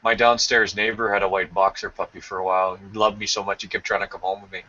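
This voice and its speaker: A man's voice: low voice, little pitch movement, quick pace, pushed and bright. A man hosting a casual chat, telling jokey anecdotes and acting out voices, on slightly dull lo-fi stream audio. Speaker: podcast host.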